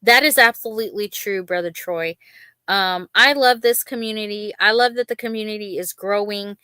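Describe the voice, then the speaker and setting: A woman's voice: medium pitch, normal speed, pushed and bright, clear, resonant tone, no echo. Chatty woman hosting a livestream. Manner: rambling, many ums, emotional but chatty. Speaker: livestream host. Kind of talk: casual live-stream chat.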